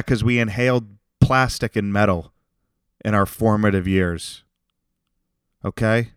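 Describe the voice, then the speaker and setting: A man in his thirties hosts a solo podcast with a low, smooth voice. He rambles through crude jokes and rants, swearing freely and bursting into loud bits. The sound is dry and close. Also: a little slow, pauses often, dry recording. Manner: rambling, profane, jokey with sudden loud bits. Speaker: podcast host. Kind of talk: solo comedic rant.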